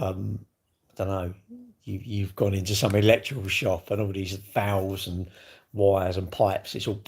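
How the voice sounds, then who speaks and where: Husky low-voiced man rambling. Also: darkish tone. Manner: blunt, swearing, chatty storyteller. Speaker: livestreamer. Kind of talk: casual rambling chat to viewers.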